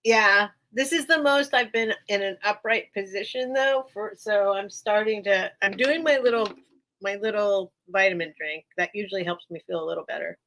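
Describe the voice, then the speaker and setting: A woman with a medium-pitched, slightly bright voice talks at normal speed over slight background noise on a rough recording. She's hosting a casual live-stream sale, chatty and rambling, laughing often as she recovers from being unwell.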